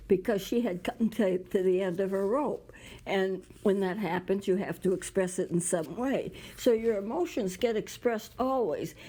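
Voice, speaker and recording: A woman's voice: medium pitch, mellow, poor audio. A woman hosting a community TV talk show, explaining ideas with everyday examples and stopping now and then to cough. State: coughing at times. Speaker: show host.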